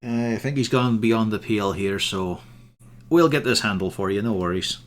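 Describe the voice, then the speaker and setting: A tabletop player talks in a casual, mid-pitched voice. The delivery is blunt and jokey, with frequent swearing. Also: normal speed. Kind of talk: casual game chat.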